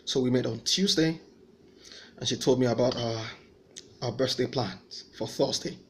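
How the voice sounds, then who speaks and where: A man's voice: mid-range voice, moderate pace, slight background noise. A man giving an earnest personal faith testimony, telling his story and voicing remembered dialogue.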